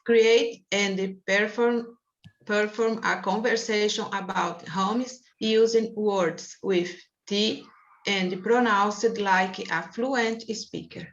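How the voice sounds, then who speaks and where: A woman student from Brazil, reading haltingly in an online class. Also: medium pitch, fairly even intonation. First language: Portuguese. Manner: hesitant, halting reading with restarts. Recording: dull lo-fi call audio.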